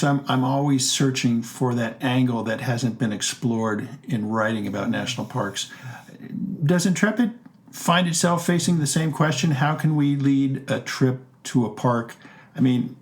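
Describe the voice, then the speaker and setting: A man's voice: medium pitch, normal speed. An older man, a journalist hosting a podcast, asking questions conversationally. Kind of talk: podcast interview.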